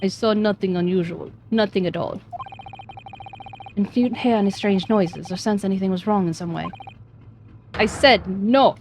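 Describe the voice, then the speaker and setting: A woman voicing a gruff male sailor guard in a video game, with a put-on Russian accent and stiff, broken English. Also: medium pitch, moderate pace, dark tone, slight background noise, lightly acted. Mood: stern. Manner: curt, stiff broken English, blunt refusals.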